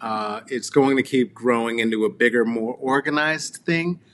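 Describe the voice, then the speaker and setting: A man's voice: medium pitch, moderate pace, fairly bright tone, a little hiss or hum. A middle-aged man hosting a rambling solo comedy monologue, crude and sarcastic, full of fillers and trailing asides. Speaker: comedy show host. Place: Colorado.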